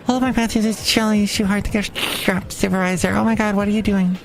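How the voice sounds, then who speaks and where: A man voicing a chirpy female gift shop supervisor in a high, perky voice. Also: steady tone, quick pace, faint music behind, close to an everyday voice, low-quality recording.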